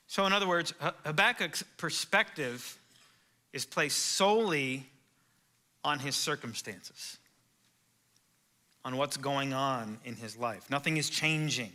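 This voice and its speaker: Bright-voiced, slow-speaking male pastor. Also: fairly high pitch. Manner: earnest, conversational preaching with rhetorical questions. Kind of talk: sermon. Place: church sanctuary.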